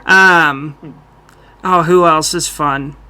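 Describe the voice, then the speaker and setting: A man's voice: on the high side, steady tone, very slow, sharp tone, clean tone. A young man hosting a casual podcast chat, loose and joking, who keeps slipping into celebrity impressions. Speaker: podcast host.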